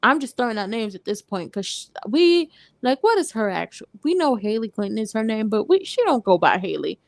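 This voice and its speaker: Sassy high-voiced woman recapping TV. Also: a little fast, vocal fry, no room sound. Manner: animated, sassy, retells scenes with quoted voices. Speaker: recap host. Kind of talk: casual TV recap commentary.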